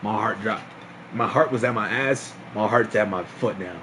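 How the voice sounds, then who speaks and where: A man's voice: on the low side, moderate pace, noisy background. A young man streaming, telling a long story in a casual, rambling way, full of slang, swearing and repeated phrases.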